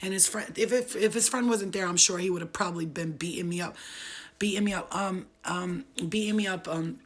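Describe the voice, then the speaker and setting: A woman's voice: fairly low pitch, fairly quick. A young woman from upstate New York telling a wild true story in a profane, laughing, streetwise way. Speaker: vlogger. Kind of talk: casual storytelling.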